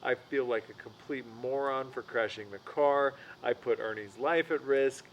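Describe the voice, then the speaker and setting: A man's voice: mid-range voice, normal speed, highs cut off. A young man narrates his own vlog in a frank, casual, self-mocking way. His voice sits in the middle range, with a faint hiss in the background. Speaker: vlogger, host of the show. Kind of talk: storytelling voice-over narration.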